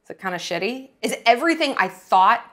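A woman's voice: fairly high pitch, animated, fairly quick, fairly bright tone. A woman in her thirties talking to camera in a casual travel vlog, brash, playful and blunt, with frequent swearing. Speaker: travel vlogger.

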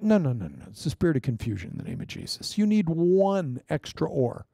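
Male pastor, middle-aged, gravelly dark tone, playful sermon delivery with loud peaks and murmured asides. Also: fairly high pitch, brisk, dry recording, studio quality. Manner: lively, joking, swings between loud proclamations and quiet asides.

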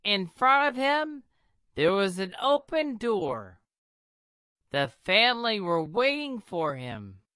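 Very slow, deliberate woman narrator. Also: mid-range voice, big pitch swings, fairly bright tone, no room sound, studio quality. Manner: slow, deliberate, careful reading. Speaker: story narrator. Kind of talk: scripted narration of a graded reader.

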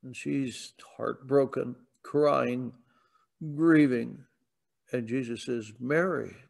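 Slow-speaking man preaching a sermon. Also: medium pitch, fairly even intonation, vocal fry, darkish tone. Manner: storytelling, rising to emphatic declarations. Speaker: pastor. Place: church sanctuary.

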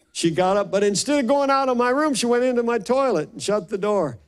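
A man's voice: sits high, animated, brisk, few pauses. An older man, a pastor, telling stories in an earnest, emotional sermon and often restarting his sentences. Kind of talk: sermon storytelling.

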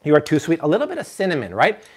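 A man's voice: fairly high pitch, rapid-fire, crowd noise. A man hosting a live cooking stream from a kitchen, chatty and full of jokes. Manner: animated, jokey, chatty. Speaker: cooking show host.

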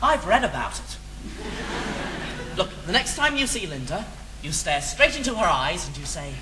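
A man's voice: sits high, normal speed, noisy background. An actor playing a posh, naive, bookish teenage boy in a stage musical, with an earnest and eager way of talking and singing. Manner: earnest and eager, animated sing-song delivery. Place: theatre stage. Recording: distant live theatre recording with music.

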